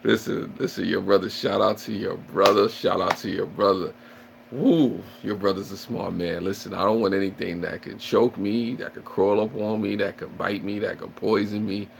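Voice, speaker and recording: A man's voice: fairly low pitch, steady tone, normal speed, creaky, slight background noise. A man chatting and joking with viewers on a casual livestream, rambling and playfully acting out scared shrieks. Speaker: livestream host.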